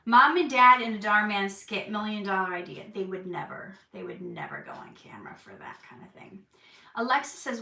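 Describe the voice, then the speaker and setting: A woman's voice: mid-range voice, sing-song, brisk, pushed and bright. A woman in her thirties hosting a casual live-stream Q&A, chatty and jokey as she reads out viewer comments. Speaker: live-stream host answering chat. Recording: roomy, a bit far from the mic.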